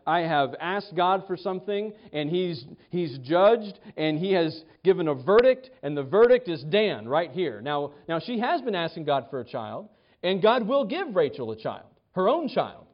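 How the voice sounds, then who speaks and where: A man's voice: high-pitched, sing-song, normal speed. A man preaching a sermon in a conversational way, often restarting and acting out quotes. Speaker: pastor. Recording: dull lo-fi sound.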